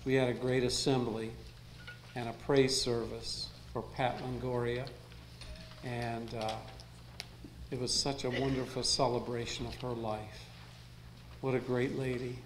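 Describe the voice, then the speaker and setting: A man's voice: medium pitch, flat delivery, measured pace, pauses often. A male preacher gives a sermon to his congregation in a folksy, easygoing way. He drops jokes between his points. His voice rings with a roomy church echo over a faint background hum. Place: church sanctuary. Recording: echoey room, faint ambience.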